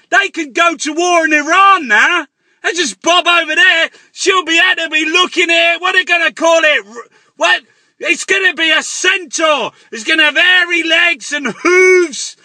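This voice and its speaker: Frantic high-voiced man ranting. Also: no echo. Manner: frantic, shouting, swearing. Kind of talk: comic rant.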